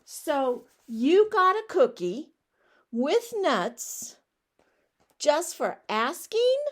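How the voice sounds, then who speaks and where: A woman doing a loud, whiny pushy pigeon. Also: high-pitched, sing-song, drawn-out words, voice pushed up, heavily acted. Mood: indignant. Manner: loud, insistent, complaining. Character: pushy, whiny male pigeon who demands things.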